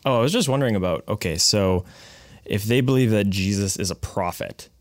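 A man's voice: lowish voice, a little fast, no echo, studio quality. A young man asking questions in a panel, thinking aloud tentatively. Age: young adult.

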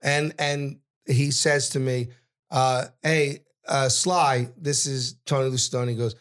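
A middle-aged man, telling a story as a podcast guest and acting out every character in loud, brash voices. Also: mid-range voice, measured pace. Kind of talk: animated storytelling.

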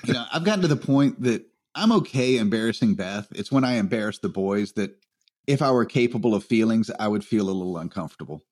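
A man's voice: fairly low pitch, lively intonation, fast, a little mellow. A man hosting a podcast in casual chat, self-deprecating and chuckling as he talks. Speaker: podcast host.

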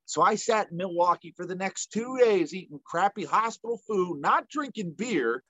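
A retired male fighter, a podcast guest, telling a story in a rambling, animated way with lots of fillers. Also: high voice, normal speed, no room sound. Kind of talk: casual storytelling. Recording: muffled dry podcast audio.

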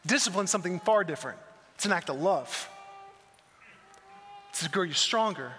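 A man's voice: high-pitched, pushed and bright, slight background noise. A man preaching a sermon as pastor, earnest and emphatic, with a microphone in a church hall. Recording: long reverb of a large hall.

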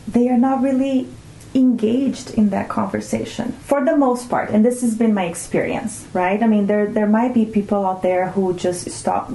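A woman in her forties from Brazil, speaking in an earnest, thinking-aloud interview manner. Her voice sounds dark and mellow. The room adds a noticeable echo. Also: medium pitch. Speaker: guest, mother of two teenagers. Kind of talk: reflective conversational interview. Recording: roomy echoing room.

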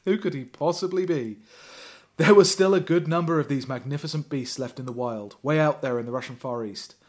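A man's voice: fairly high pitch, moderate pace, pauses often. A man hosting a podcast who reads a thriller novel aloud with heavy sarcasm, laughing often and breaking off to mock the text. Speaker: podcast host. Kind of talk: comic reading of a thriller novel.

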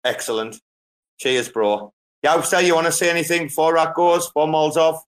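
A man's voice: fairly high pitch, normal speed. A man hosting a casual online audio chat, swearing freely and joking with his guests. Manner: profane, joking banter. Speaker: host.

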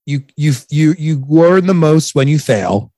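A man's voice: on the high side, expressive, a little slow, dark tone, dry recording, studio quality. A man in his thirties hosting a casual chat, joking and rambling, often stumbling over his words. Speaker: podcast host.

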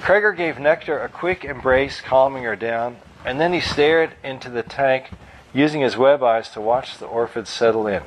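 Brief: male author narrating his book live, steady, mid pitch, faint background noise. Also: rough recording. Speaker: author reading his novel. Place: bookstore reading event.

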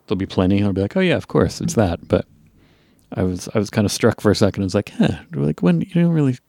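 A man's voice: fairly low pitch, very animated, fast talker, creaky, mellow, dry recording, studio quality. A man co-hosting a podcast, musing in a thoughtful, hesitant way. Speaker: podcast co-host. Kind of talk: casual chat.

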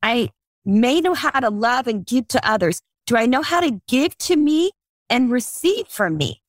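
A middle-aged woman, a life coach, talking as a guest in a podcast interview, at times slow and soothing as she guides breathing, at times earnest and lively as she explains. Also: on the high side, no room sound, studio quality. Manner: earnest, animated storytelling.

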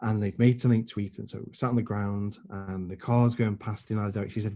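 A man, a guest telling a long personal story in an earnest, animated way. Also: fairly low pitch, fairly quick. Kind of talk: storytelling in conversation.

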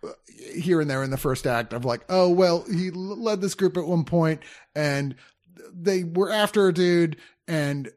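A man co-hosting a relaxed movie podcast. His voice sits a little high for a man, and he rambles through plot summaries full of fillers. He teases his co-host as he goes. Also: unhurried. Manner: laid-back, teasing, many fillers. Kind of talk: casual film review chat.

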